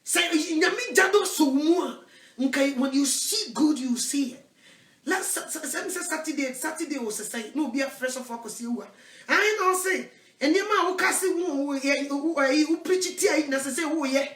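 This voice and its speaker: A Ghanaian woman evangelist with a Ghanaian accent, preaching in a self-recorded monologue, emphatic and swinging between loud declarations and low asides. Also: moderate pace, reverberant, distant mic.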